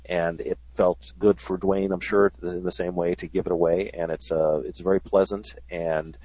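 A man's voice: sits low, flat delivery, moderate pace, dark tone, no room sound. A man on a radio talk show, a trader who talks in an earnest, rambling way. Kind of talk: casual radio chat. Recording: dry, dull lo-fi sound.

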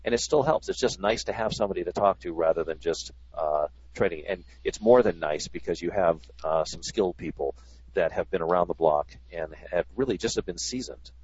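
A man's voice: sits low, brisk, darkish tone, husky, no room sound. A man on a radio talk show, a trader who talks in an earnest, rambling way. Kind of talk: casual radio chat. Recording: dry, dull lo-fi sound.

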